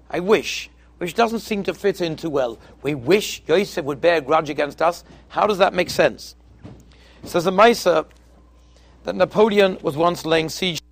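Man, Torah teacher, gravelly edge, raised pitch, storytelling, rising emphasis. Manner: storytelling, mixing Hebrew phrases with English. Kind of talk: Torah class on the weekly portion.

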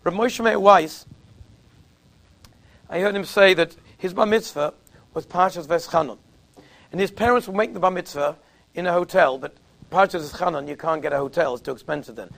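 Guy telling a story in a sermon, raspy and fairly high. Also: moderate pace, pauses often, a bit bright. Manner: conversational, anecdotal, uses Yiddish and Hebrew terms. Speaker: rabbi giving a talk.

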